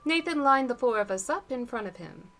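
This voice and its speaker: A woman streamer reading a book aloud live, with chatty, relaxed asides to her viewers. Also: fairly high pitch, brisk, soft background music.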